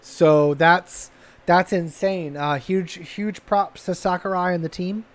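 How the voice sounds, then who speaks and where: High-voiced, rambling male podcast co-host. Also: takes it slowly. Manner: rambling and enthusiastic, with many restarts. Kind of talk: casual chat.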